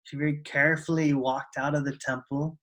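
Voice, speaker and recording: A storyteller telling a fable in a soft, unhurried, conversational way. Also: medium pitch, flat delivery, low-quality recording. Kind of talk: oral storytelling, casual.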